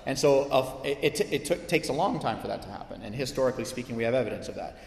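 A man preaching a sermon as pastor, animated and conversational, with frequent asides to his listeners. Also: mid-range voice, fast, creaky. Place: church sanctuary. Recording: echoey church hall.

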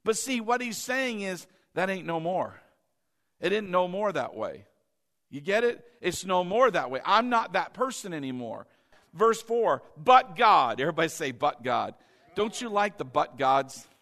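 A man preaching a sermon, reading scripture slowly and having the congregation repeat his phrases back to him. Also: sits high, very animated, gravelly, a bit bright. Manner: reads scripture slowly and emphatically. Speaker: pastor.

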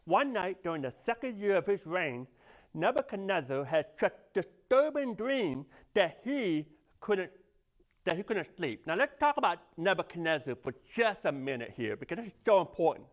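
Man, pastor, sermon, high voice, stammering restarts. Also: sing-song, moderate pace. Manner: storytelling with many stammered restarts.

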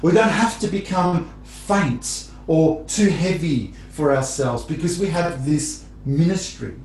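A man delivers a sermon in a conversational, repetitive way, his voice sitting a little high. He grows animated as he tells stories to the congregation. The room rings with echo, and a faint hum sits underneath. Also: takes it slowly. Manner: conversational, repeats phrases, rises animatedly in stories. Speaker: preacher.

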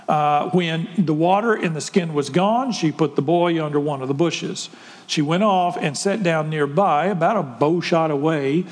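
A preacher with a higher voice in a big echoing hall. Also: male voice. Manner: storytelling, conversational with rhetorical questions. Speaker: pastor. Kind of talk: sermon.

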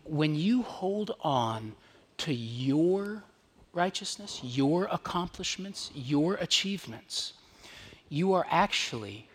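A man, a pastor, preaching a sermon to his church congregation in a conversational, emphatic way, sometimes dropping to a hush. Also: on the high side, breathy edge. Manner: conversational, emphatic, drops to hushed whispers on key lines.

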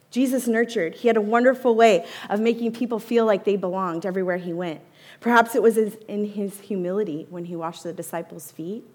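A woman with a mid-range voice gives a church talk. She explains ideas in a measured, teacherly way, and her delivery stays steady. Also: mid-range voice. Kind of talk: sermon.

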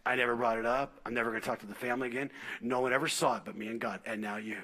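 A middle-aged man preaching a sermon as pastor, telling stories with laughs and dropping into quiet asides. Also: mid-range voice, racing. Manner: animated storytelling with laughs and sudden quiet asides.

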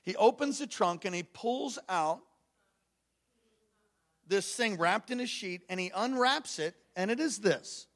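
A man, a pastor, preaching a sermon in church to a congregation, moving between rousing, shouted exhortations and hushed storytelling, and calling on the crowd to respond. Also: very high-pitched. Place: church service before a congregation.

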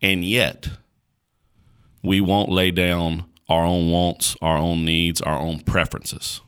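A man's voice: low voice, flat delivery, slow, fairly bright tone, clear, resonant tone. A male podcast host preaching on a Bible passage in an emphatic, repetitive, colloquial way.

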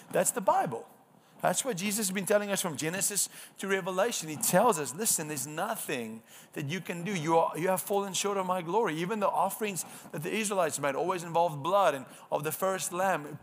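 A man's voice: fairly high pitch, a bit bright, slight background noise. A man preaching a sermon, earnest and emphatic, asking the congregation rhetorical questions and often restarting his words.

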